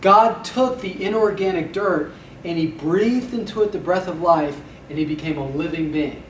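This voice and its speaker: A man's voice: fairly high pitch, normal speed. Joking man teaching vocabulary in an echoey room. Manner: dry punning humor, drills words by repeating them. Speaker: Hebrew instructor. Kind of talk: recorded vocabulary lecture. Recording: echoey room, mic at a distance, faint background noise.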